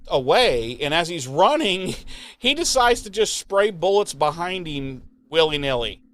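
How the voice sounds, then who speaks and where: Slow-talking man recapping an episode. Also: on the high side, big pitch swings, a bit bright. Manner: profane, rambling recap with quick mock voices. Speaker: podcast co-host.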